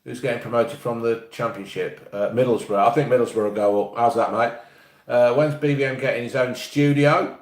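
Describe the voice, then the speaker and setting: A man's voice: medium pitch, fairly even intonation, a little fast, roomy sound. A man from the East Midlands hosting a live stream, reading viewer comments in a blunt, jokey, sweary way. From England, East Midlands.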